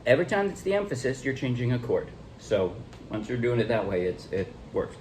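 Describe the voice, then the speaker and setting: Man, casual ukulele lesson, mid-pitched voice, loud ukulele in the background. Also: over loud music. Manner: relaxed, halting explanations with counting and calling out strums. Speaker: ukulele teacher. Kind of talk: casual music tutorial.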